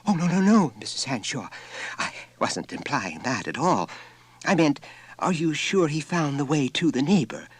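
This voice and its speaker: A man's voice: on the high side, sing-song, moderate pace, slightly rough, no echo, voice pushed up. Man doing a timid, stammering schoolteacher woman. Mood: flustered. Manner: hesitant, stammering, diffident. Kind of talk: audiobook character voice.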